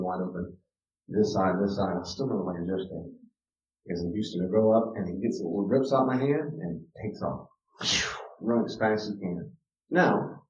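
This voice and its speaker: In a dull archive recording that sounds roomy and far away, a middle-aged man with a fairly low, dark voice leads a parenting class. His lecture weaves in personal stories of bringing up his son, with words repeated for emphasis.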